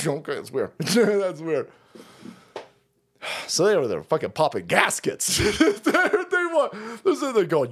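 A man's voice: on the high side, wildly swooping pitch, measured pace, fairly bright tone, breathy edge. A man hosting a stream, ranting crudely with mocking asides and frequent laughter. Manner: crude, mocking, laughs often, mimics people in voices. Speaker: streamer host. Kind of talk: profane ranting commentary stream.

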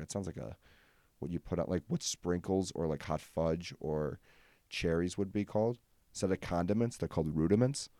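A young man with a deep, mellow voice hosts a comedy podcast on his own, rambling through stories full of fillers and self-deprecating jokes. There's no echo on the recording.

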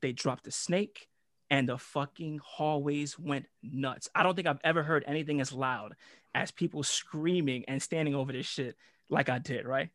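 Animated profane man from New York. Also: fairly high pitch, normal speed, dry recording, clean studio sound. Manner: animated, profane, slangy, acts out voices. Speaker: guest storyteller. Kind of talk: casual storytelling chat.

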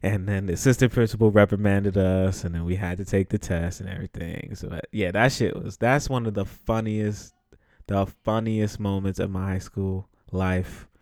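With a deep, a little mellow voice and fairly even intonation, this young Bronx podcast host, from New York, spins a casual story at normal speed, cursing loosely and breaking into frequent laughter. The audio is dry and studio-clean.

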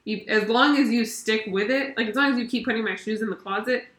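A woman's voice: on the high side, fast, fairly bright tone. A woman chatting casually as a podcast co-host, blunt, laughing often and filling with "like". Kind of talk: casual chat. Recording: echoey room.

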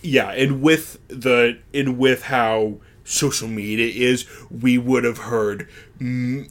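A man co-hosting a podcast who mostly listens, answering with short agreeable replies. Now and then he adds a quick thought of his own in a voice of middle pitch. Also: fairly even intonation, fairly bright tone. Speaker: podcast co-host. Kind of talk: casual chat.

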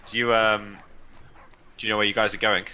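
A man's voice: lowish voice, little pitch movement, brisk, sharp tone, slight background noise. A man taking part as a player in a tabletop role-play, earnest and hesitant.

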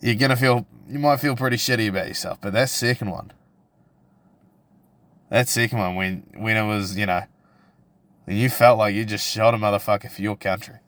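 A man's voice: lowish voice, moderate pace, pauses often, a bit bright, no echo. A young man with a New Zealand accent hosting a solo podcast, ranting in a crude, profane, provocative way with lots of restarts. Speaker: podcast host. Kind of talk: casual solo podcast rant.

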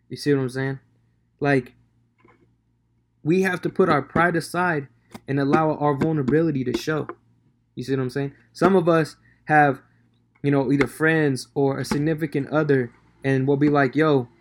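Slangy man giving a devotional talk. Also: on the high side. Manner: slangy, conversational, filler-heavy. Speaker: devotional speaker.

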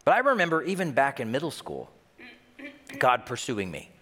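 Young guy preaching, super animated up and down, playful, big echoey church hall. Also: medium pitch, normal speed. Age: young adult. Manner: animated, playful storytelling with acted-out voices. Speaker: pastor. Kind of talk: sermon. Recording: long hall reverb.

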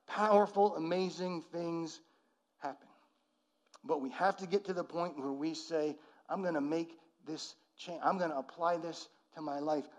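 A man preaching a sermon, earnest, moving between loud emphasis and soft, low, prayerful passages. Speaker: pastor.

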